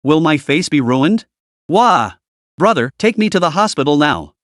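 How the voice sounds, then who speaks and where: A man's voice: on the high side, expressive, normal speed, a bit bright, dry recording, clean studio sound. A man voicing a coquettish young mistress who plays innocent, whiny and sugary.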